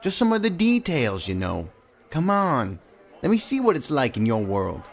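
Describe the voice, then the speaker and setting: A man voicing a gruff, chatty diner cook who pries for gossip, in an audiobook. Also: medium pitch, wildly swooping pitch, moderate pace, full character voice. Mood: nosy chatty. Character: gruff, nosy male diner cook, middle-aged.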